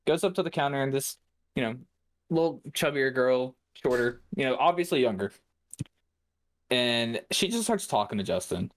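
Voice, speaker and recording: A man's voice: mid-range voice, lively intonation, normal speed. A man co-hosting a podcast, telling a profane story in casual chat. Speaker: podcast co-host.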